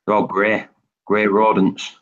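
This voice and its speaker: A man's voice: lowish voice, level tone, slow pace. A man with a Manchester accent chatting on a live stream, jokey and full of local slang. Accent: Mancunian. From England. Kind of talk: casual live stream chat. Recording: husky voice over a dull lo-fi line.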